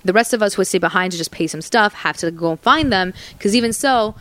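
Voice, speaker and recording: A woman's voice: mid-range voice, animated, fairly quick, a bit bright. A woman host casually telling a story on a podcast, laughing often and swearing freely.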